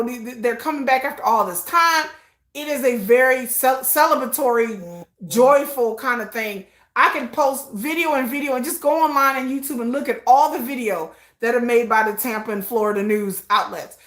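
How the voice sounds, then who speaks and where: A woman from Texas hosting a casual livestream, animated and talking straight to her chat viewers. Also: high voice, echoey room. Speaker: livestream host.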